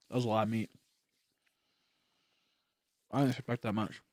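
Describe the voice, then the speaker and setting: A streamer chatting casually over a game, animated, laughing often and swearing freely. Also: medium pitch, moderate pace, pauses often, no echo, studio quality. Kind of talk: casual gameplay stream chat.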